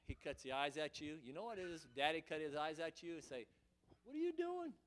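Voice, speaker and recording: A man's voice: a little high, fairly even intonation, brisk, a bit bright. A man preaching a fervent sermon in church, often repeating and restarting his words as he presses his point. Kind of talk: impassioned sermon.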